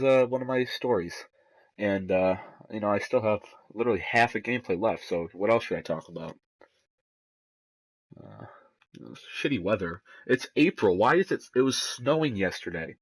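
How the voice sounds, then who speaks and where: A man's voice: fairly low pitch, fairly bright tone, rough recording. A man telling a rambling, profane story in casual commentary over gameplay, laughing at himself as he goes.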